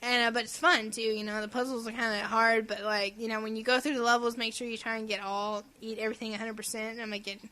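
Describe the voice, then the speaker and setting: A woman co-hosting a casual gaming podcast, giggly and animated, who often acts out silly voices. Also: on the high side, fast, hardly any pauses. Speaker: podcast co-host.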